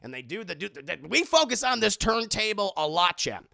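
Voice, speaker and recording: Gravelly, bright-voiced man streamer. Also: high-pitched, very animated, normal speed. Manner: rambling, profane, keeps addressing chat. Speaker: movie reviewer and livestreamer. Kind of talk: casual livestream movie review.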